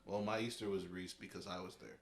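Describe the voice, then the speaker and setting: A young man co-hosting a podcast, chatting casually, loose and quick to laugh, with plenty of swearing. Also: low voice, fairly even intonation, creaky, reverberant, a crowd in the background. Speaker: podcast co-host. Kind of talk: casual banter.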